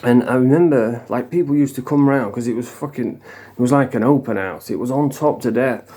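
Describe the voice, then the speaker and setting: A man's voice: medium pitch, a little fast, dark tone. A British man talking straight to camera in a casual, rambling monologue that often turns heated and profane. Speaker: vlogger in addiction recovery.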